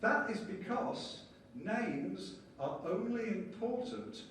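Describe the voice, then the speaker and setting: A man giving a lively conference lecture and explaining ideas with small acted-out scenes. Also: high voice, slow pace, slight background noise. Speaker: conference speaker. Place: conference hall. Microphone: distant from the mic. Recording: echoey hall from far off, faint ambience.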